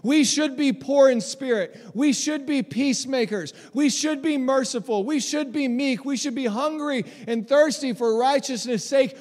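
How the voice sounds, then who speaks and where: A man in his thirties, a pastor preaching a sermon on a church stage, animated and emphatic, acting out voices and repeating lines for effect. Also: very high-pitched, big-room sound. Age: 30s.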